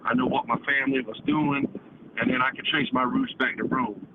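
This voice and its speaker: A man's voice: medium pitch, steady tone, brisk, background noise. Rambling man on a tinny phone line. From United States. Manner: rambling, profane, repeats "man" constantly. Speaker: caller. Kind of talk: casual call-in chat.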